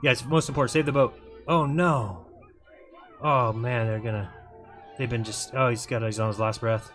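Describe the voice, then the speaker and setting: A man's voice: mid-range voice, steady tone, normal speed, fairly bright tone, faint music behind. A man hosting a livestream, giving sarcastic, mocking commentary over a video clip and reading comments aloud. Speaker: livestream host.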